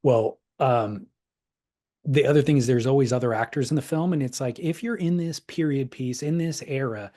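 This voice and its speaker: A man's voice: mid-range voice, moderate pace, dark tone. A man co-hosting a podcast in casual chat, easygoing and wry, stretching his thoughts into long asides. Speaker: podcast co-host.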